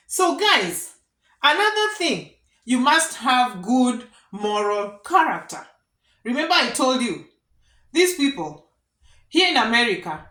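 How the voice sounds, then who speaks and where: A woman's voice: on the high side, a bit bright. A woman giving earnest, repetitive advice straight to her viewers in a casual vlog. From Kenya. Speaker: vlogger giving advice to immigrants. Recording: echoey room.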